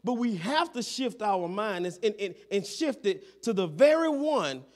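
A man's voice: high voice, very animated, unhurried. A man preaching a sermon as pastor in a church, constantly checking in with the congregation and repeating his phrases.

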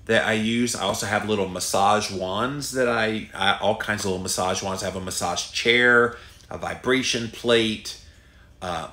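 Middle-aged man, Southern US accent, podcast host, folksy and candid, bright forward tone, roomy echo. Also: on the low side. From Southern United States. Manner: folksy, candid, thinks aloud with fillers. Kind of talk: answering listener questions.

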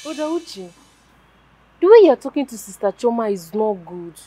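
A woman's voice: fairly high pitch, very animated, normal speed, dark tone, breathy edge, faint music behind. An actress with a Nigerian accent playing a young woman firmly reproaching her brother. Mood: reproachful. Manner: firm, reproachful. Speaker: actor. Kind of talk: film drama acting.

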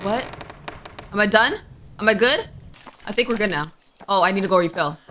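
A young woman giving let's-play commentary, jumpy and excitable, quick to panic and squeal at scares. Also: mid-range voice, a little hiss or hum. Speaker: gaming YouTuber.

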